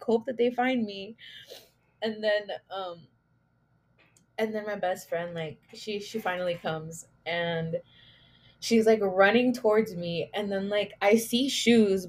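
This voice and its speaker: Rambling young woman telling a story. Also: medium pitch. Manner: rambling, heavy use of "like", swearing, laughing at herself. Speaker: podcast host. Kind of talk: casual storytelling rant.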